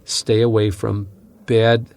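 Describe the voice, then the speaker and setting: A man teaching from scripture on a podcast, telling a personal story in an earnest, animated way. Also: lowish voice, slow pace, vocal fry. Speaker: Bible teacher and podcast host.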